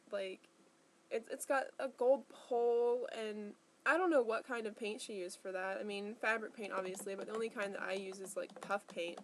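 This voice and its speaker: A woman's voice: medium pitch, a little hiss or hum. Young woman vlogger, chatty and rambling, sounds worn out from pain, mid-range voice. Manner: chatty, rambling, heavy filler use. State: in pain, tired. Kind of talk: casual personal vlog.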